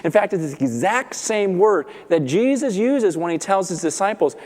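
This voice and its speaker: Animated preacher in a reverberant hall. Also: male voice, high voice, moderate pace, hardly any pauses. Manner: animated storytelling, acts out the characters' lines. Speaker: pastor. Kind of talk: sermon. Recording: long reverb of a large hall.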